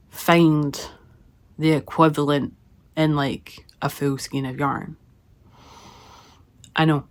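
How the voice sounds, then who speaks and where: Low-voiced chatty woman vlogger. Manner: chatty, rambling, talks to her cat. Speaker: knitting vlogger. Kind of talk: casual vlog chat. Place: home office and craft room. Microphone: handheld camera.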